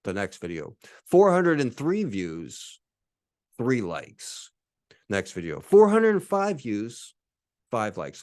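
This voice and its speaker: A man's voice: medium pitch, wildly swooping pitch, slow, darkish tone, no echo, studio quality. A man in his forties hosting a podcast, ranting in a profane, boastful, combative monologue. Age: 40s. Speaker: podcast host.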